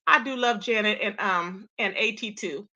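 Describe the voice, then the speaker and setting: A woman's voice: mid-range voice, moderate pace, sharp tone, muffled recording. A woman hosting a casual live stream, talking sassily and directly to her chat viewers, greeting them by name. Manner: sassy, talks straight to chat viewers. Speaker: livestream host.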